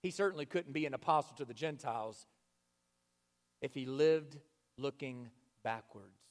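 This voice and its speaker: A man preaching a sermon with passion, swinging from loud urging down to hushed, near-whispered lines. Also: medium pitch, moderate pace. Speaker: pastor. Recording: long hall reverb.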